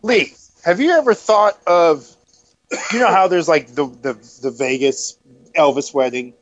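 A man co-hosting a podcast, tossing out quick joking one-liners in casual chat. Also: a little high, highs cut off. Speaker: podcast co-host.

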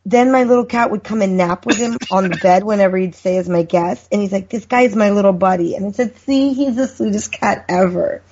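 A woman's voice: medium pitch, quick pace, few pauses, a little hiss or hum. A woman guest on a podcast, chatting and telling stories casually. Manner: chatty, warm storyteller. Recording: muffled lo-fi call.

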